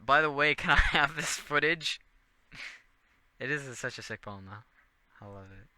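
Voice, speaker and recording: A man's voice: medium pitch, expressive, a little slow, long pauses, pushed and bright, dry recording. A young man rambling and joking as a radio DJ in casual chat, often trailing off into mumbled asides.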